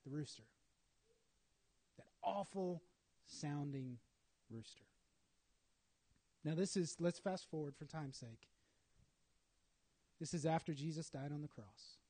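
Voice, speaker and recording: A man's voice: a little high, slow, pauses often, mellow. A man preaching a sermon, telling a story dramatically with acted asides.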